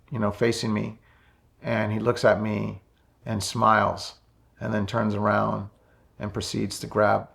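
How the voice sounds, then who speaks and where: Gravelly low-voiced guy in his 50s, slow reflective talk, lots of pauses. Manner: slow, soft-spoken and introspective, with many pauses. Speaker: spiritual vlogger. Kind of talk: reflective personal monologue.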